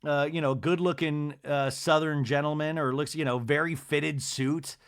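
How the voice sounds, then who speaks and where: A man's voice: fairly high pitch, steady tone, normal speed, clear, resonant tone. A man hosting a podcast, giving a chatty, gossipy solo TV recap. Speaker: podcast host. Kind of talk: casual TV recap monologue.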